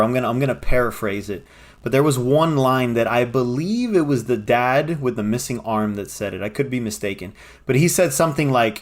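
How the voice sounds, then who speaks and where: A man co-hosting a casual film review podcast, talking animatedly and often jumping into quoted voices, correcting himself as he goes. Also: medium pitch. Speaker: podcast co-host.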